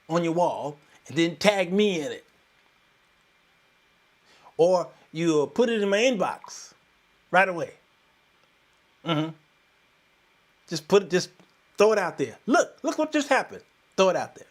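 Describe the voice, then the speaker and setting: A man hosting a live-streamed talk show in a folksy, animated manner, greeting viewers by name. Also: high-pitched.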